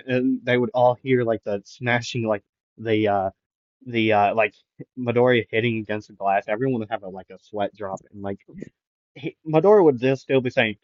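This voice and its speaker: A man's voice: lowish voice, normal speed, no echo. A man improvising a fan what-if story, rambling with many fillers and restarts, in a dull, lo-fi recording. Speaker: anime channel host.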